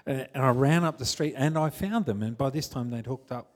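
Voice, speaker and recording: Husky man telling a story. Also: medium pitch. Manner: rambling, halting storytelling with restarts. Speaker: congregation member. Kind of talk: personal testimony.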